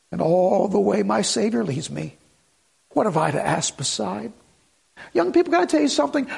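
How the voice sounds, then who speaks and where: A middle-aged man preaching a sermon as pastor, moving from hushed prayerful lines to urgent appeals. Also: very high-pitched, creaky, husky.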